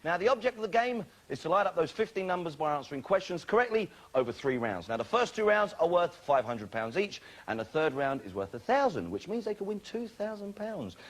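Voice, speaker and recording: A man's voice: high voice, sing-song, a little fast, few pauses. A man hosting a live television game show, bantering cheekily with contestants in a studio with an audience. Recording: loud studio audience and noise.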